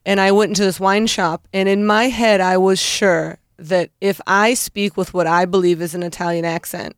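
A woman's voice: on the low side, fairly even intonation, normal speed, dry recording, studio quality. A woman on a comedy podcast telling a self-deprecating travel story, giggling as she goes. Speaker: contestant.

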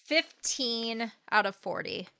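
Bright-voiced woman, wry podcast co-host. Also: on the high side, animated, slow pace, creaky. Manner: wry, scoring predictions with dry humor. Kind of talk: casual conversational podcast chat.

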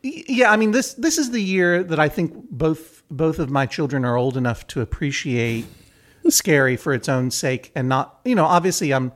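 Middle-aged man, wry comic storyteller, rambling with restarts, slightly high voice. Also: expressive, normal speed. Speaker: guest judge. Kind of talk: comedic podcast chat.

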